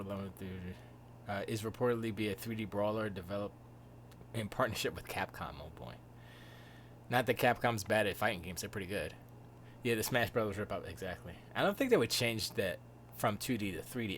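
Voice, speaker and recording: A man's voice: on the low side, slight background noise. Man ranting on a live stream. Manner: animated ranting, slangy, laughs often. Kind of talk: casual chat, reading chat comments.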